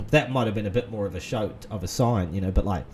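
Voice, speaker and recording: Man, low mellow voice, rambling gaming commentary, faint background noise. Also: fast, vocal fry. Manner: rambling, many fillers and restarts. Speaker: gaming channel host. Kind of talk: casual let's-play commentary.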